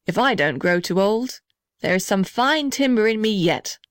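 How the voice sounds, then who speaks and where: A woman's voice: medium pitch, normal speed, no room sound, clean studio sound, lightly acted. A woman playing an old, kindly gum tree. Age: older. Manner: gentle, steady. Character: old male gum tree, stiff but kind.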